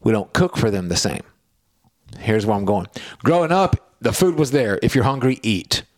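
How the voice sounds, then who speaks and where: A middle-aged man co-hosting a radio show, telling a lively family story on air and acting out scenes in the talk. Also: fairly low pitch, moderate pace. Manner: lively, acts out family scenes with swooping voices.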